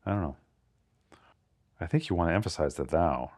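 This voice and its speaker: Deep-voiced man musing over poetry. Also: lively intonation, darkish tone. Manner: thinks aloud, reads verse slowly with stress. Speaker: podcast co-host. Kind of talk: casual literary discussion.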